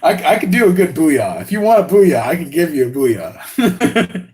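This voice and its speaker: Excited young-sounding man rambling on a livestream. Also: a little high, moderate pace, faint music behind. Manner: excited, rambling, many restarts and laughs. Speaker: RC hobby channel host. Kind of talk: live unboxing stream chat.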